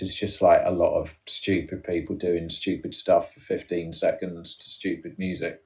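A man hosting a casual comedy podcast, rambling with halting restarts. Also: sits low, little pitch movement, darkish tone, recorded from a distance. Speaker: podcast host.

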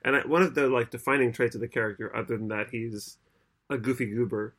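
A male podcast co-host talking in a relaxed, chatty way, with a voice sitting in the middle of the male range. He explains things at length and laughs easily along the way. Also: mid-range voice, fast. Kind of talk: casual chat.

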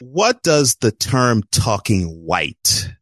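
A man hosting a podcast, asking questions in a measured way with small chuckles. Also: mid-range voice, big pitch swings, fairly bright tone, dry recording, studio quality. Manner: measured, chuckles between phrases. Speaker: podcast host. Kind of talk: casual interview conversation.

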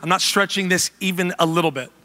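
High, bright-voiced joking pastor. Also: male voice, fast talker. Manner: animated, joking, preachy call-outs. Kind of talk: humorous sermon.

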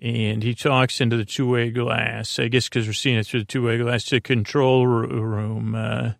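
Gravelly flat-voiced man rambling. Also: medium pitch, moderate pace, no echo, studio quality. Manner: meandering, many fillers and self-corrections. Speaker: podcast host. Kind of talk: rambling episode recap for sleep.

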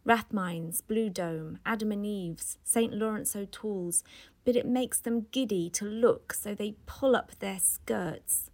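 A woman's voice: mid-range voice, takes it slowly, darkish tone. A woman reading the part of a wry young man telling a detailed anecdote.

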